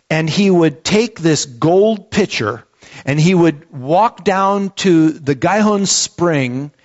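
A man preaches an earnest sermon, retelling the story in a fairly high voice. He stresses key words and restarts a few phrases. The recording sounds dull and lo-fi, as if it was made in a church hall. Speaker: pastor.

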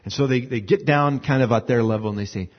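A man preaching a conversational sermon, animated and acting out little scenes with voices. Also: mid-range voice, fast talker. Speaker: pastor. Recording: muffled lo-fi sermon recording.

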